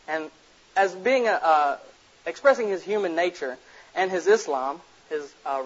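A man with a slightly high voice speaks to a room as a lecturer, blunt and direct and fond of jokes. He talks casually into a microphone. The recording sounds dull and lo-fi. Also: a bit bright. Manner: blunt, direct, jokey storyteller. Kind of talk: casual public lecture to an audience. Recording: muffled lo-fi recording.

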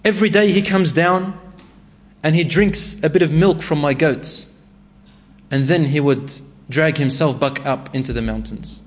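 A man's voice: on the high side, unhurried, natural voice. A man voicing a village shepherd who reports what he has seen, matter-of-fact.

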